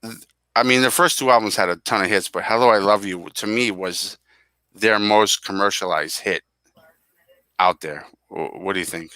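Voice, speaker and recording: A middle-aged man co-hosting a music podcast in casual chat. His voice sits low and sounds bright and forceful, recorded close and dry. He talks earnestly and wanders off on tangents. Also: moderate pace, dry recording. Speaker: podcast co-host.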